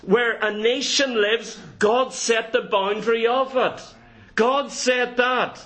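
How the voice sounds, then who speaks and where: A man's voice: very high voice, fairly even intonation, takes it slowly, a bit bright. A man with a Northern Irish accent preaching a sermon, fervent and emphatic, firing off rhetorical questions to the congregation. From Northern Ireland.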